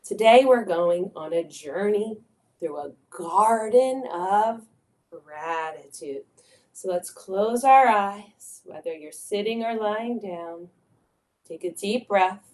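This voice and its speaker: A young woman leading a guided meditation for children, speaking gently and soothingly and chanting sung syllables. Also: medium pitch, slow. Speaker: kids' yoga and mindfulness teacher.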